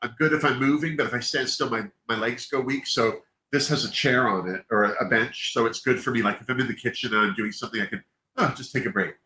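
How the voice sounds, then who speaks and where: This livestream host talks fast in a mid-range voice with fairly even intonation and a sharp tone. His casual, candid chat rambles and wears his emotions openly, and he keeps interrupting himself and starting sentences over. Faint background noise and room echo are audible.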